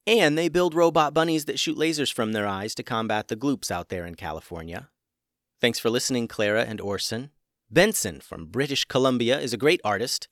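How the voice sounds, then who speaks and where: A man hosting a children's podcast and narrating a storybook in a gentle, measured way. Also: medium pitch, no room sound, studio quality.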